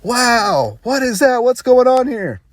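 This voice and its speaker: A man voicing a naive, wide-eyed young woman huntress in a high, wondering voice. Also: very animated, measured pace, darkish tone, no echo, clean studio sound. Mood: amazed.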